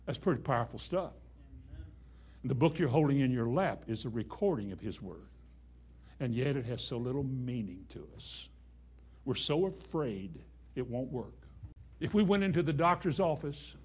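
A man preaching a sermon in a folksy way, dropping to a hush and then rising to emphatic declarations. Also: fairly high pitch, lively intonation, moderate pace, breathy edge. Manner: folksy, swings between hushed and emphatic. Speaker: pastor.

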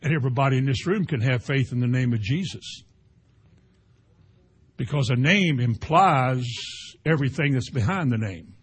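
A man preaching a sermon in a conversational style, swinging between emphatic and hushed delivery. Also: mid-range voice, lively intonation, moderate pace, pauses often, slightly rough. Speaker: pastor.

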